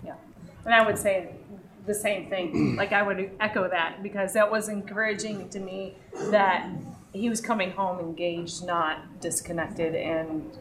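A woman agreeing with her husband, speaking softly and lightly about their marriage. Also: medium pitch, fairly even intonation, measured pace, slight background noise, poor audio. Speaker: guest speaker. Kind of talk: casual talk about marriage.

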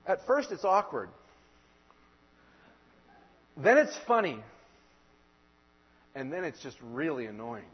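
High-voiced man preaching in a reverberant hall. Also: big pitch swings, slightly rough. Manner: earnest, emphatic, slows for scripture quotes. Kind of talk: sermon. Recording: dull lo-fi sound in a reverberant hall.

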